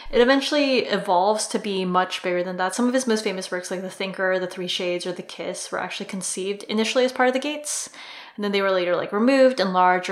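Woman co-host, chatty with lots of fillers and laughter, roomy echo on the voice. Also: mid-range voice. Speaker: podcast co-host. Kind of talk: casual chat.

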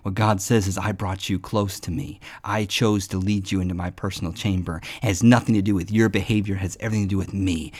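A man voicing God as a calm, loving father, speaking low and hushed in a tender way during devotional teaching. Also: quick pace, hardly any pauses.

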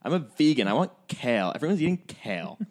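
A man's voice: mid-range voice, very animated, fast talker, voice pushed up. Man doing a whiny young vegan woman.

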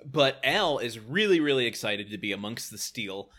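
A young man co-hosting a podcast, casually discussing a sitcom episode, laughing often and adding quick asides. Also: mid-range voice, animated, sharp tone, a little hiss or hum. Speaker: podcast co-host.

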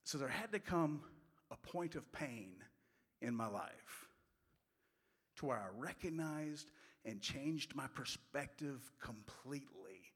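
A man preaching a sermon, telling stories in a folksy way and moving from loud passages to hushed ones. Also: mid-range voice, expressive, slow pace, breathy edge. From West Virginia. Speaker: pastor. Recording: long hall reverb.

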